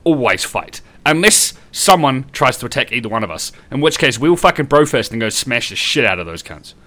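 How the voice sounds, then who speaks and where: A man's voice: medium pitch, very animated, fairly quick, sharp tone. A young man with a New Zealand accent co-hosting a casual podcast, ranting with plenty of swearing. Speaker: podcast co-host.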